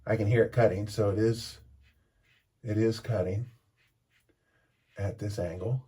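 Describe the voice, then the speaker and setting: Warm in tone and slightly rough, this vlogger's low voice carries a rambling story told while shaving. He speaks a little slowly with fairly even intonation, breaking off now and then for chatty comments.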